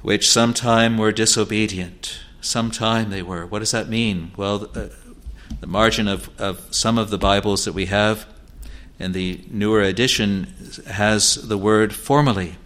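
A man preaching a sermon in an earnest, pleading way, swinging between loud urging and hushed low asides. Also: steady tone, measured pace.

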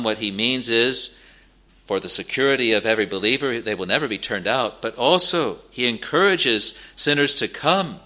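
A man preaching a sermon, earnest and pleading, stressing key phrases slowly and addressing his listeners directly. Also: fairly low pitch, bright, forceful tone.

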